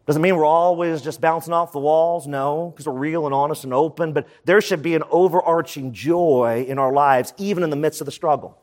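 A man preaching a sermon in a conversational style, full of quick asides. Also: a little high, in a large hall. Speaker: pastor.

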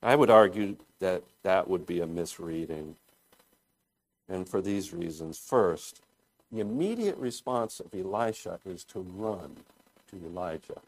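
A man preaching a sermon, deliberate and thoughtful, often pausing and restarting his phrases as he explains scripture. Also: deep voice, expressive. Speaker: pastor.

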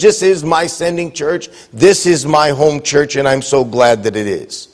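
High voiced guy preaching at a church conference, builds up loud and emphatic, talks straight to the congregation. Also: lively intonation, unhurried. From United States. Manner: preaching cadence, rising to emphatic calls. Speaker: visiting missionary preacher. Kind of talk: sermon.

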